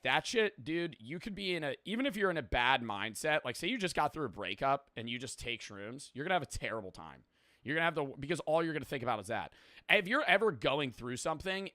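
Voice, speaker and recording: A young man streaming, telling stories in a rambling, profane, animated way. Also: mid-range voice, dry recording, clean studio sound. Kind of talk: casual reaction stream storytelling.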